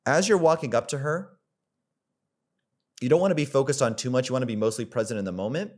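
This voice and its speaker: A man's voice: mid-range voice, fast, a little mellow. A man coaching on dating in a rambling, casual way, full of fillers and the odd swear word. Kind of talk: casual coaching monologue to camera.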